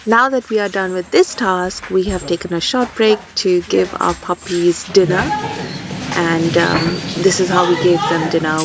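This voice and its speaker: A woman's voice: on the low side, fairly even intonation, normal speed. A young woman chatting casually through a vlog voice-over, full of fillers. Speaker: vlogger.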